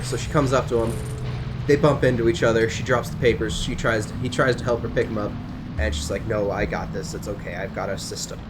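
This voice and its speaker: A man's voice: medium pitch, background noise. A young man in casual chat, animatedly retelling a story with asides and swearing while gaming. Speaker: co-host.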